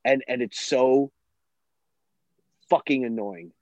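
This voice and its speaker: A man's voice: mid-range voice, takes it slowly, dry recording. A man in casual chat, ranting bluntly and swearing freely about his kids and his cooking. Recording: dull lo-fi, dry.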